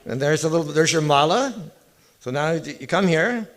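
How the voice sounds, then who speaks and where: A man's voice: fairly high pitch, expressive, normal speed. A man giving an informal devotional talk in a temple hall, chatting with and questioning his listeners directly. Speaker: visiting temple speaker.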